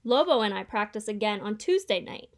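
A woman reading a children's picture book aloud in a steady, clear storytelling way. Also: mid-range voice, brisk. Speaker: reader.

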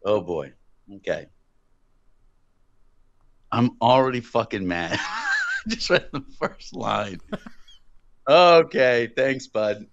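A man co-hosting a horror podcast in crude, joking banter, often laughing and cursing, and swinging loud and high when riled. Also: huge pitch swings, slow, long pauses, no room sound. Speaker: podcast co-host. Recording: dull dry lo-fi sound.

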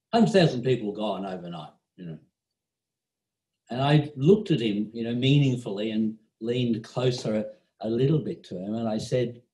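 A man's voice: mid-range voice, warm tone. Chuckling man telling a story. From Australia. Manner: chuckling storyteller with frequent "you know" fillers. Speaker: meditation teacher. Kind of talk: anecdotal storytelling in conversation. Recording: echoey room.

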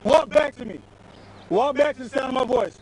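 A male police officer shouting stern, repeated commands at a driver during an arrest, recorded outdoors on a body camera. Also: very high-pitched, moderate pace, rough recording. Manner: forceful, repetitive, stern. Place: outdoors on a street by a stopped car. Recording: body camera audio with background noise.

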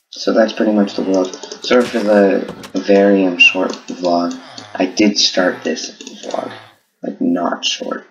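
A man hosting a gaming channel, chatting casually and rambling as he narrates his own play in a put-on deep voice. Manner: rambling, chatty self-narration with little laughs. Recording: muffled recording with faint hiss.

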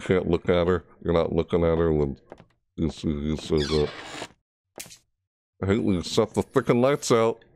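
A man's voice: sits low, mellow, slight background noise. A man commentating a horror game playthrough, frustrated and jumpy, scolding the game's characters and shrieking at scares. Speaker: gamer.

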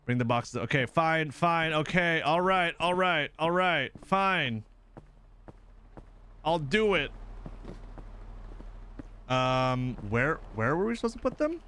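Young guy yelling through a horror game, high voice, wild pitch jumps. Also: slow pace, long pauses, a little hiss or hum. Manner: excitable, yelling and laughing. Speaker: gaming video host.

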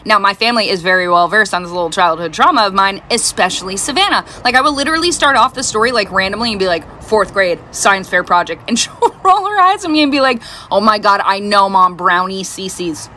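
A woman's voice: medium pitch, lively intonation, quick pace, hardly any pauses, sharp tone. A middle-aged woman telling chatty family stories as a mom, acting out her kids' voices. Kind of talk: casual storytime. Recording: faint background noise.

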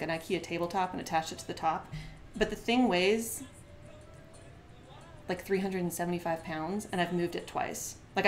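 A woman stands at her desk at home working on a craft during a live stream, talking fast with lots of filler words. Now and then she counts softly under her breath. Her voice is on the low side, with slight background noise.

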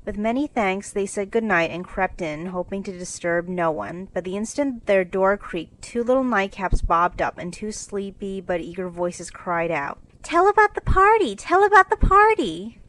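A woman narrating a classic storybook in a steady, clear reading for English learners. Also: fairly low pitch, moderate pace, few pauses, poor audio.

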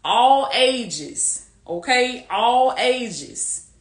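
Woman, livestream coach, rallying and preachy, slightly high voice, echoey room. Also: lively intonation, drawn-out words. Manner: repetitive, rallying, preachy and warm-hearted, laughs often. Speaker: faith-based life coach hosting a livestream. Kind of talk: casual livestream pep talk. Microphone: phone or webcam on a live stream.

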